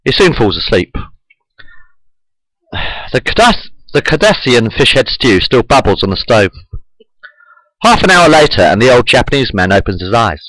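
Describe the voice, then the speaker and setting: A man's voice: mid-range voice, moderate pace, pauses often, no room sound, rough recording. A man reading his own fan fiction aloud into a webcam at home, repeating lines as he goes. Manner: animated storytelling, repeats lines.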